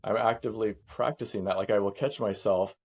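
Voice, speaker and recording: A middle-aged man speaking candidly as a guest, halting and reflective, often repeating words as he works through his thoughts. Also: on the low side, steady tone, darkish tone, slightly rough, dull audio. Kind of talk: candid conversation.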